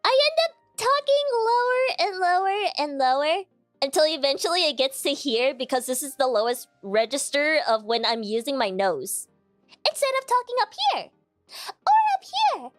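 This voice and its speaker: A squeaky, nasal, cutesy girl voice, as a woman puts it on, bouncing all over a wide, lively pitch range. The sound is dry and close, with faint music behind it. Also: normal speed, no echo. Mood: demonstrating. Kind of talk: casual chat.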